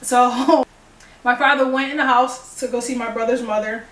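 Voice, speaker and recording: A woman's voice: a little high, normal speed. A young woman telling a personal story to the camera, acting out the dialogue as she goes. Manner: animated, acts out dialogue. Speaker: vlogger. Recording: echoey room, distant mic.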